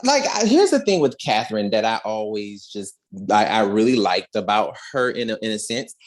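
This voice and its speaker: A man co-hosting a casual fan discussion podcast, talking in an animated, emphatic way and often repeating words. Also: on the low side, normal speed. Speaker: podcast co-host.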